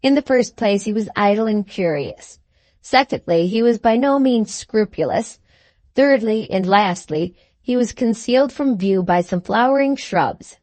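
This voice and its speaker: A woman narrating an audiobook of a classic novel in a measured, unhurried way. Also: medium pitch, animated, a little mellow, no room sound. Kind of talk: scripted narration.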